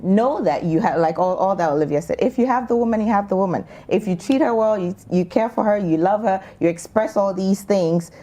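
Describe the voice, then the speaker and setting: A woman's voice: medium pitch, a little fast, hardly any pauses, warm tone. A woman co-host from Ghana on a casual panel talk show, talking emphatically and slipping into mock-preachy, acted-out lines.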